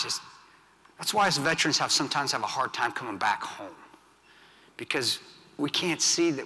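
Middle-aged male veteran speaker, blunt and intense, hard-edged bright tone, echoing event hall. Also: mid-range voice. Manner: blunt, intense, swings from loud to hushed. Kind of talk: storytelling speech to an audience. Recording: long hall reverb.

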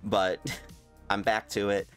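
A man's voice: fairly low pitch, level tone, takes it slowly, soft background music. A young man vlogging his reaction in a rambling, stuttering way, laughing at himself. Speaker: YouTuber reacting to a clip. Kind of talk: casual reaction vlog.

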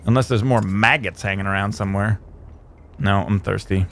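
Against slight background noise, a man with a lowish, steady voice provides let's play commentary at a normal speed. He chats casually about his gameplay, teases enemies with playful trash talk and breaks into shouting bursts during fights.

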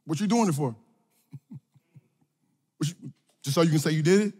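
Emphatic high-voiced male preacher. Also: moderate pace, slightly rough, in a large hall. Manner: emphatic, repetitive declarations with call-and-response energy; animated, swings from loud to quiet. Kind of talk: sermon. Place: large room with audience.

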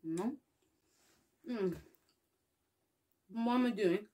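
A young woman, chatting casually to camera as a vlogger, laughing often and trailing off into soft mumbles. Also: mid-range voice, expressive, moderate pace, slightly rough.

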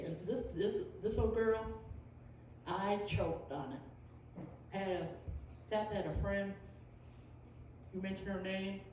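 A woman's voice: medium pitch, slight background noise. A woman gives an informal church teaching, folksy and emphatic. She is recorded from a distance in a very echoey sanctuary. The sound is dull and a little muffled. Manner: folksy, emphatic, repeats amen. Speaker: Sunday school teacher.

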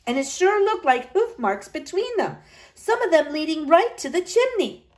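A woman reading a children's Christmas story aloud, with lively delivery and high excited lines for the children. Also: moderate pace, low-quality recording. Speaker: storybook narrator. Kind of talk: storybook read-aloud narration.

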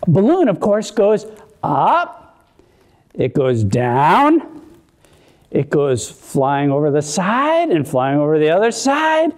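A man giving a children's message in church, animated and encouraging as he speaks to the kids. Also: fairly high pitch, slow pace. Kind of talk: children's sermon.

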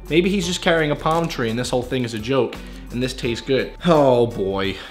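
A man's voice: mid-range voice, moderate pace, soft background music. A young man hosting a casual vlog, talking to camera in a joking, rambling, offhand way. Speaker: YouTuber host.

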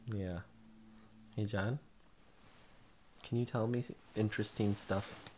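A young father with a mellow, dark tone, speaking low and gentle. He coaxes patiently, in the quiet, hushed way of a bedtime chat. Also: steady tone, slow pace, slight background noise. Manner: gentle, patient, softly coaxing. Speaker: father putting child to bed.

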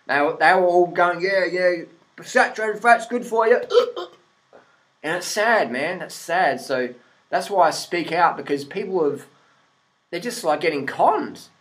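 A man's voice: a little high, a bit bright. A man vlogging a blunt, profane opinion rant to the camera, laughing at his own points.

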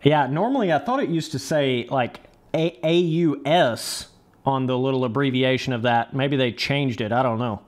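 A man's voice: medium pitch, normal speed. A young man streaming a motocross game live, swearing casually, coaching himself through the race and chatting with viewers. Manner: casual, profane, talks to chat as brother and dudes; talks himself through the race under his breath. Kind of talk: live gameplay commentary.

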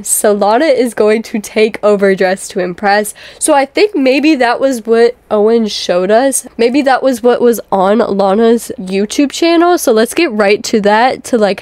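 A woman's voice: on the high side, darkish tone, no echo. A woman chatting casually to her viewers about game lore, with lots of fillers and asides to the audience. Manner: chatty, filler-heavy, keeps addressing viewers. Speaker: gaming video creator.

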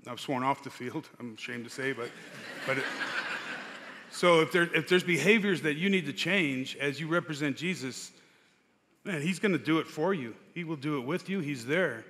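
An older man as guest speaker, telling his personal story with many pauses and fillers on a church stage. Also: a little high, fairly bright tone, a little hiss or hum. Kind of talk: personal testimony in an interview. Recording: church hall reverb.

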